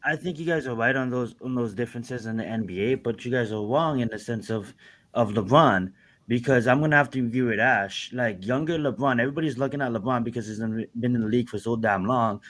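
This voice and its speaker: A man's voice: mid-range voice, fast, fairly bright tone. A man with an ordinary mid-range voice joins a casual sports debate. He hedges and restarts, conceding points before offering his own view. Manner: conciliatory, hedging, restarts often. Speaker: podcast co-host.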